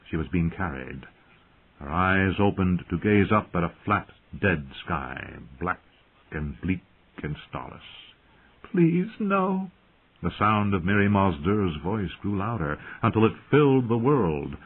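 A man reading a fantasy audiobook in a dramatic, lively narrating style over tinny phone-like audio. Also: deep voice, a little slow, husky.

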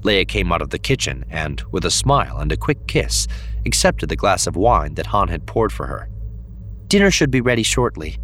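Very deep-voiced male audiobook narrator. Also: expressive, moderate pace, a bit bright, a little hiss or hum. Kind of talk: scripted narration.

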